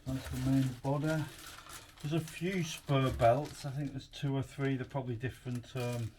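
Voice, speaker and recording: A man talks through an unboxing in a relaxed, rambling way, thinking out loud between pieces. He is recorded in his garage workshop. Clear background noise and clicks sit under his voice. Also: medium pitch, normal speed. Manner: chatty and rambling, thinks aloud. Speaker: tool reviewer. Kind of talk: casual chat while unboxing.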